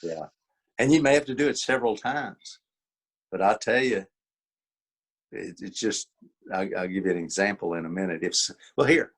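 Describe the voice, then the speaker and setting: A man with a low, husky voice leads an informal workshop. He repeats his key points with emphasis. He acts out bits of dialogue to make them clear. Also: lively intonation, moderate pace, long pauses. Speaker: workshop presenter and author. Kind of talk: informal teaching talk.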